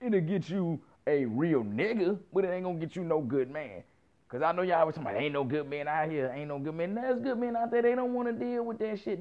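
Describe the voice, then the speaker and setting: A man in his 30s tells a late-night story and then lectures his listeners in a casual storytelling rant, loose and profane, animated, with heavy slang and lots of quoted dialogue. His voice sits a bit high for a man, and the recording is muffled and lo-fi.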